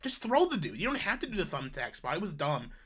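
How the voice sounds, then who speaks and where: A co-host on a casual wrestling discussion stream, giving quick, sarcastic commentary. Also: mid-range voice, big pitch swings, crowd noise. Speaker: podcast co-host.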